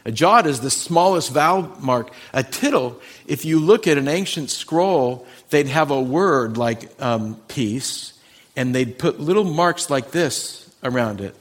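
A man, a pastor, preaching a Sunday morning sermon, talking to his congregation and slowing down to read scripture with emphasis. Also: mid-range voice. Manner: earnest, conversational preaching with slow emphatic scripture reading. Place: church sanctuary.

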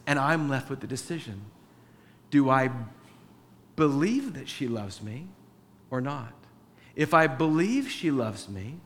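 This pastor has a medium-pitched voice, and the recording carries a little hiss or hum. Preaching conversationally in an echoing church hall equipped with a sound booth, he performs short exchanges between himself and his wife.

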